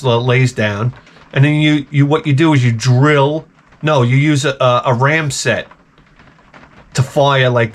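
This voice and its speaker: A man's voice: medium pitch, a bit bright. A man hosting a retro gaming channel, ranting in a profane, rambling, sarcastic way. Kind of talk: casual comedic rant.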